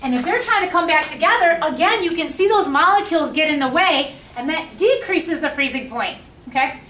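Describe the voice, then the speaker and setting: A woman teaching high school chemistry in a classroom lecture. She asks the class questions and repeats their answers back to them. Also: a bit bright, slight background noise. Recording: echoey classroom, mic at a distance.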